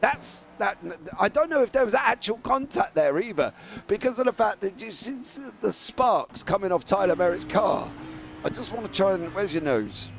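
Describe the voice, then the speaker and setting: Excitable English man calling sim races. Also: sits high, moderate pace, gravelly. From England. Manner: excitable, teasing, shouts at drivers. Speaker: race commentator. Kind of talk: sim racing commentary.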